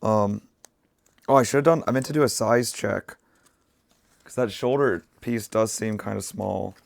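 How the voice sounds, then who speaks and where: A man with a sick voice, chatting casually to his livestream while he crafts and thinks out loud. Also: fairly low pitch, a little slow, vocal fry, no room sound. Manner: rambling, thinking aloud while working. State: sick, rough voice. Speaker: streamer.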